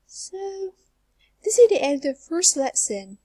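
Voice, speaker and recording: A young woman teaching English pronunciation, repeating example phrases slowly and carefully. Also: very high-pitched, big pitch swings, dark tone, no echo. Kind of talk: slow, careful pronunciation lesson.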